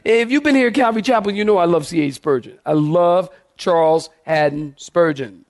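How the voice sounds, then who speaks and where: A man with a high-pitched voice preaching from a church pulpit. He is animated and lively, pushing the congregation for responses as he goes. The delivery is a full sermon. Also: normal speed. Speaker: pastor.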